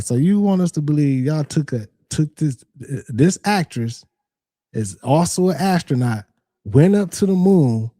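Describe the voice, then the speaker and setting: A young man riffs through a reaction video in easygoing slang, calling out to his viewers as he goes. His voice is very dark and mellow. It sits close and dry, with no room sound around it. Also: on the high side, no room sound. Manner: laid-back slangy banter, talks to chat. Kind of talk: casual reaction commentary.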